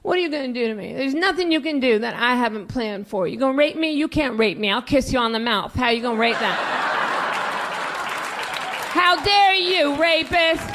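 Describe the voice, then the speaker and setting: A brash woman performing stand-up, shouting some of her punchlines. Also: sits high, lively intonation, normal speed. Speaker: stand-up comedian. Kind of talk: stand-up set. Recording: live club with loud crowd and noise.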